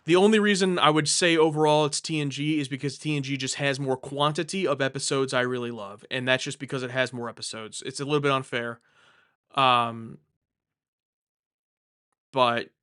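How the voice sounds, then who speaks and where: A man's voice: medium pitch, normal speed, long pauses, a bit bright, smooth. A young man casually hosting a live stream from home, answering viewer questions in a rambling, jokey way, often correcting himself mid-sentence.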